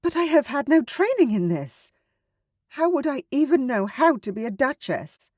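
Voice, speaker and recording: A man doing a flustered, high-pitched young noblewoman. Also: sing-song, moderate pace, darkish tone, dry recording, clean studio sound. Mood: panicked. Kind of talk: audiobook character voice.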